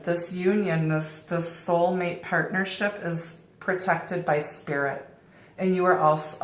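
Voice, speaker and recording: A middle-aged woman giving a tarot reading in a reassuring way, often repeating and restarting her phrases. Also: low-pitched. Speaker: tarot reader. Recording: roomy echo.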